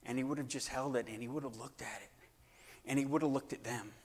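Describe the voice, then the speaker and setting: A man preacher telling a story in a sermon, animated and acting out scenes, swinging between loud and hushed delivery. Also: medium pitch, fast talker, husky. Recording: long hall reverb.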